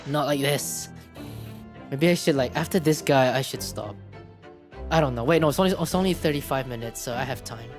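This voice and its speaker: A woman VTuber streaming a game, feeling unwell and drained, speaking in low-key, mumbling asides broken by nervous laughs. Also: brisk. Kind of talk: casual game-reading livestream. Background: game music.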